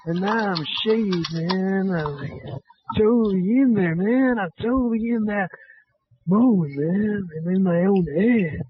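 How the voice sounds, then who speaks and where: A man's voice: high-pitched, unhurried. A young man putting on a drawling, dreamy stoner voice that ends lines with "man", on dull lo-fi audio. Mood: spaced-out. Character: spaced-out stoner dude, slow and dreamy. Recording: dull lo-fi stream audio with faint noise.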